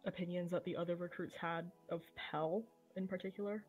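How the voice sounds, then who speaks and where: A woman's voice: on the low side, fairly even intonation, brisk, phone-quality sound, soft background music. A woman playing a tabletop game, asking a character polite, careful questions. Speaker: player.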